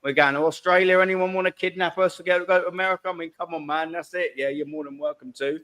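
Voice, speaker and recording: A man's voice: a little high, fairly even intonation, fast talker, bright, forceful tone, clear, resonant tone. A man hosting a live fan call-in stream, chatty and slangy, swearing freely and calling everyone mate. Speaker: host of a fan call-in show. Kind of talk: casual live-stream chat.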